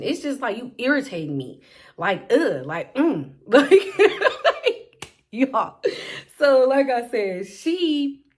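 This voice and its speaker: A young woman telling a casual storytime to her viewers in an animated, playful way, laughing often and acting out what people said. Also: mid-range voice, husky. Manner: animated, petty, laughs often, acts out quotes. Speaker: storytime vlogger.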